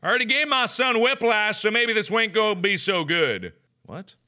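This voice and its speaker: A young man giving loud, jokey let's-play commentary, swinging between deep mutters and high yelps. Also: animated, normal speed. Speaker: gaming video host.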